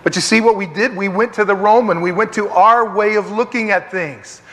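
High-voiced man teaching in an echoing hall. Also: moderate pace, a bit bright. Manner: emphatic, digressive, repeats phrases for stress. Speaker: Bible teacher. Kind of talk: conversational Bible study. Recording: long reverb of a hall.

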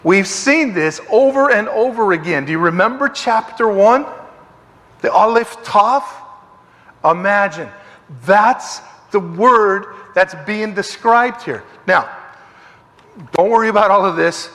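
A man with a notably high voice leads a casual Bible study, driving points home by repeating them and wandering off on tangents. His voice rings with the long reverb of a large hall. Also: lively intonation, slow, a bit bright. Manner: emphatic, digressive, repeats phrases for stress. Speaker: Bible teacher.

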